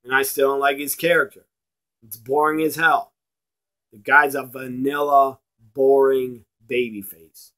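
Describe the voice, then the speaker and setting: A man ranting in a blunt, profane video review, slowing down to stress his points. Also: mid-range voice, little pitch movement, fairly bright tone. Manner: emphatic, slows down to stress points.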